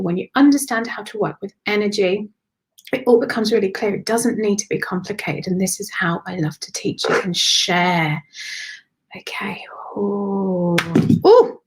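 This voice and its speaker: A woman hosting a live-streamed spiritual reading on her phone, affectionate and animated, calling listeners darling. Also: mid-range voice. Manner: animated, swooping intonation. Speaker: spiritual medium giving readings.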